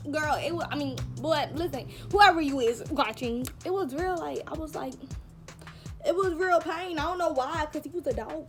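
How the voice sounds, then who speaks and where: Young woman, high voice, casual storytime vlog, animated, self-mocking, faint music behind. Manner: animated, self-mocking, talks straight to viewers. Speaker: vlogger. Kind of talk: casual storytime chat to camera.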